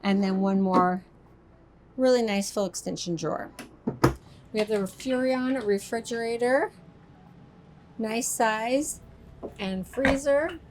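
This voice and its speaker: A woman's voice: fairly high pitch, slow pace, long pauses, darkish tone, a little hiss or hum. A woman presenting a walk-through tour inside a motorhome, upbeat and chatty like an enthusiastic salesperson. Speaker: RV sales expert giving a tour.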